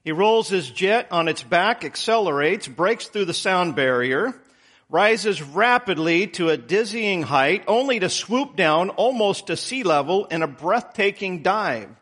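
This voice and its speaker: A man who pastors a church, telling jokes and then preaching a sermon in a halting, reflective way. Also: sits high, animated, a bit bright.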